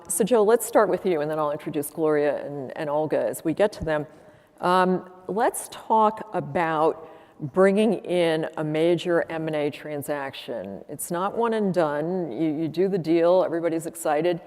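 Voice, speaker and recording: A low-pitched woman moderates a conference panel, introducing the speakers at an even, measured pace with frequent fillers. Her voice rings with the long reverb of a large conference hall. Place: conference room with audience.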